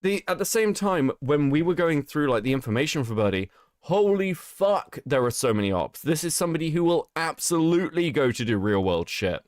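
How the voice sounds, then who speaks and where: A man hosts a casual livestream, his voice roughened by a cold. He swears freely and laughs often as he reads chat aloud, his pitch swinging up and down. The sound is dry and close to the mic. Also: big pitch swings, brisk, no room sound. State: sick, rough voice. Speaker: streamer host.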